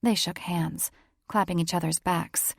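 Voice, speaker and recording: Gravelly woman narrating an audiobook. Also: fairly low pitch, steady tone, unhurried, no room sound, clean studio sound. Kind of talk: scripted narration.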